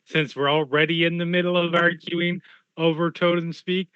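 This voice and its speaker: A man's voice: a little high, level tone, normal speed, a bit bright, smooth, no echo. A man player chatting casually at an online game table with self-mocking asides, on a dull lo-fi mic.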